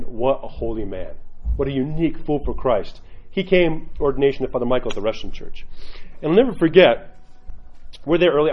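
A male priest giving an informal sermon full of stories and asides, in a conversational, animated way. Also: medium pitch, breathy edge, lo-fi sound.

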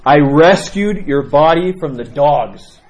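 A man's voice: a little high, animated, slow. A man voicing a grieving noble mother who laments and pleads in a raised, reproachful voice while retelling a saint's story.

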